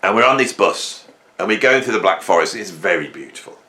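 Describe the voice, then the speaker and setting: A man's voice: deep voice, expressive, brisk, sharp tone. A man from England hosting a rambling comic monologue, joking and telling stories with sudden jumps in his voice. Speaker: host.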